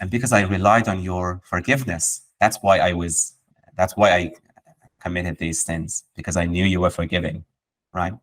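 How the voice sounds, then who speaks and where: A man teaching a poetry class, explaining verses in a halting way with many fillers and reciting lines in Persian quickly. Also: low voice, steady tone, fairly bright tone, far from the mic, rough recording. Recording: voice set back from the mic.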